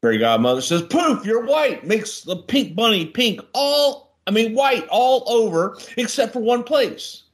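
A man with a fairly high, bouncing voice that swings all over as he chats. He spins a long silly joke, slipping into different voices for each character. His delivery is playful and loose, like a seasoned storyteller among friends. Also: very animated, unhurried, few pauses. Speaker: co-host. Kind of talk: casual podcast chat and joke-telling.

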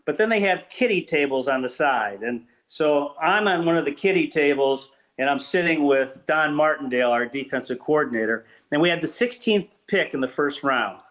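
Animated older man spinning stories. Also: fairly high pitch, normal speed, few pauses, low-quality recording. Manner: animated storyteller with many restarts. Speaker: former team PR executive, guest. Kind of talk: storytelling anecdotes in an interview.

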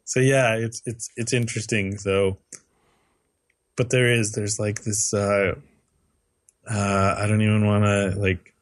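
A man's voice: fairly low pitch, little pitch movement, a little slow, pauses often. A man co-hosting a podcast in casual chat, rambling with lots of fillers and self-corrections. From lives in western Canada. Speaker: podcast co-host.

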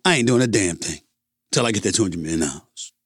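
A man's voice: fairly low pitch, lively intonation, fast talker, no echo, clean studio sound. A man, a sports commentator delivering an opinionated monologue with emphatic repetition. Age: 50s. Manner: emphatic, repeats phrases for punch, addresses "ladies and gentlemen".

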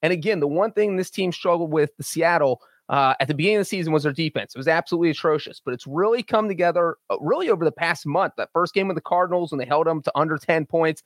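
A man's voice: fairly high pitch, fast, hardly any pauses, dry recording, clean studio sound. Confident man making football picks. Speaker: sports betting podcast co-host. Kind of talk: casual sports chat.

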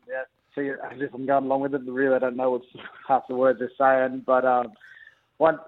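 A young man answering radio questions over a tinny, narrow phone line. His voice is middle-pitched and relaxed, and he wanders through his answers with lots of ums and restarts. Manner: relaxed, rambling with fillers and restarts. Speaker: guest rugby league player.

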